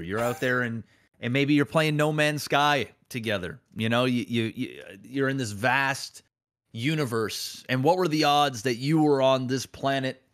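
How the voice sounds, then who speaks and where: A man's voice: medium pitch, a bit bright. A man hosting a podcast, telling a long comic analogy in casual chat, rambling and full of restarts. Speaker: podcast host. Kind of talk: comedic storytelling in casual chat.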